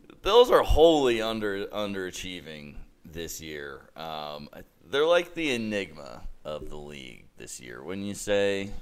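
A man's voice: deep voice, clear, resonant tone. A man co-hosting a sports podcast, chatting casually and joking, with a laid-back manner and lots of fillers. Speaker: podcast co-host.

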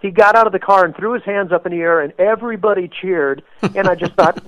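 A man guest telling a story in an animated way, acting out quotes with sudden loud bursts, as a race car paint designer. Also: high voice, fast, no room sound. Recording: tinny phone-like line, dry.

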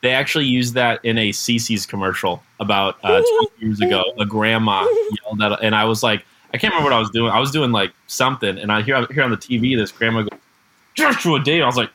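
A man, a musician guest telling jokey, animated stories in a casual interview. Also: on the low side, fast, hardly any pauses.

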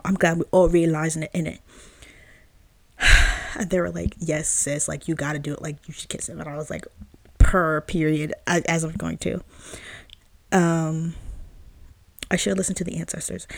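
Young woman, slangy chatty storyteller, low husky voice with gravel, dry close sound. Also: dry recording. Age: young adult. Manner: chatty, slangy, full of "like" fillers, laughs at herself. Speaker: podcast host. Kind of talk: casual storytelling monologue.

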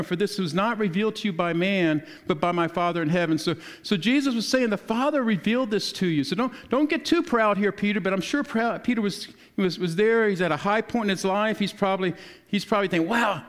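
A man preaching a conversational sermon, explaining scripture in an easygoing teaching manner with frequent restarts. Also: high voice.

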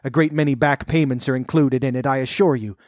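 A man's voice: medium pitch, fairly even intonation, fast talker, a little mellow, dry recording, clean studio sound, natural voice. A man voicing a jubilant, reformed elderly miser who talks eagerly and effusively, in a storybook reading. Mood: eager, grateful.

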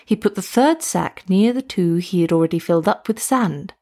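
Woman reading a story aloud. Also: on the low side. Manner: steady, measured storytelling. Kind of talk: read-aloud story narration.

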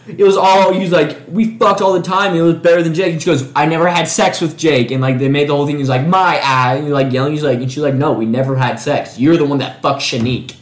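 A man in casual chat, retelling reality show drama with many restarts. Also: on the high side. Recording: echoey room.

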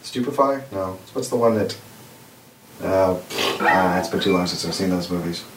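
A man's voice: sits low, normal speed, echoey room, recorded from a distance, noisy background. A man co-hosting a podcast over a video call, chatting casually and joking, often slipping into voices. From US West Coast. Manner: joking, slips into impressions. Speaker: podcast co-host.

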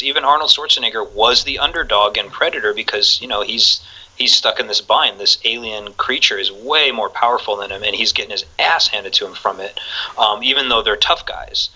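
A man's voice: medium pitch, bright, forceful tone, rough recording. A man in casual chat, talking enthusiastically and rambling with plenty of fillers.

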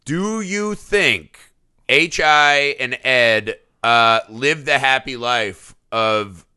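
A man's voice: medium pitch, extremely slow, bright, forceful tone, clean tone. A man co-hosting a podcast, telling stories about movies with frequent laughter and some swearing. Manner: laughing often, storytelling, profane. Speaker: podcast co-host. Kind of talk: casual film discussion.

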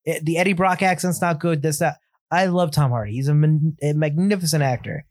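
A man's voice: a little high, fairly quick, dry recording, studio quality. A man co-hosting a casual film review podcast, blunt and opinionated, laughing often. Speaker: podcast co-host.

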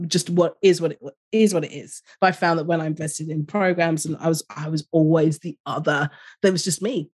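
Brief: London-accented woman, lower voice, animated and laughing, podcast guest coach. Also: fairly quick, slightly rough. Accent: London English. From London, England. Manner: animated, laughs often, frequent affirmations. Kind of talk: casual podcast conversation.

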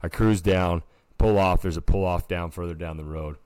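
A deep-voiced co-host with fairly even intonation speaks at a moderate pace in a darkish, clean tone on a dry recording. The talk is a casual podcast chat, and he tells a story animatedly with plenty of filler words.

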